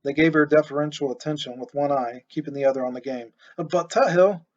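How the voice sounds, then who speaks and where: A man narrating an audiobook in a steady, expressive storytelling voice. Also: medium pitch, quick pace. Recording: muffled lo-fi recording.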